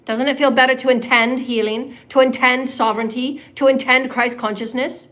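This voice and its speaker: A woman's voice: high voice, steady tone, a bit bright. Woman leading a chanted guided meditation. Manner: slow soothing instructions mixed with rapid rhythmic chanting. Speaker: spiritual healer and meditation leader.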